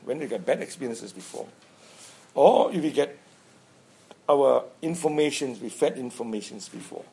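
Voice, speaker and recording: A man's voice: medium pitch, lively intonation, normal speed, vocal fry, dark tone, slightly rough. A man giving an informal Buddhist dharma talk, chatty, chuckling often and checking in with "right?". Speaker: Buddhist teacher.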